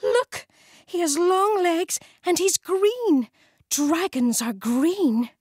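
A woman voicing an eager young boy who is earnest, excitable and a bit pleading. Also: very high-pitched, drawn-out words, dry recording, clean studio sound, pitched above the performer's own voice, heavily acted. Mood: excited. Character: eager young boy who loves his pet frog.

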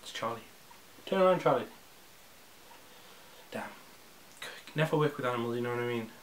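A man's voice: mid-range voice, lively intonation, moderate pace. Teenage boy, casual home vlog, rambling and jokey, faint hiss behind. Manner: rambling, self-interrupting, jokey. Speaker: vlogger. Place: indoors at home.

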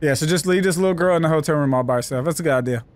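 Loud, joking man playing a game. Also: a little high, very fast. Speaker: gameplay commentator. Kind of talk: let's play commentary.

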